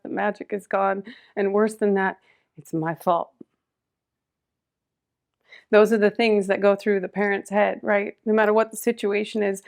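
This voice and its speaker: A middle-aged woman, a podcast guest, telling a personal story with strong emotion, moving between loud urgency and hushed quiet. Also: mid-range voice.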